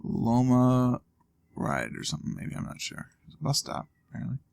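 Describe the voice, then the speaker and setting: A man with a gravelly, creaky voice talks through a video game in a loose, casual way. He thinks out loud and throws in dry little jokes as he goes. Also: mid-range voice, sing-song, normal speed. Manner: thinking aloud, wry asides. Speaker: let's play host. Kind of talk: casual gameplay commentary.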